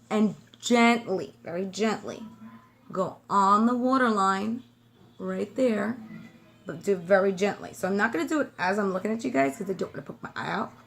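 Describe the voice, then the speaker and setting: This is a casual makeup tutorial chat from a beauty vlogger at home, a Brooklyn woman with a New York accent and a hint of Southern twang. She applies makeup as she talks, drifting off topic, in a mid-range, slightly bright voice.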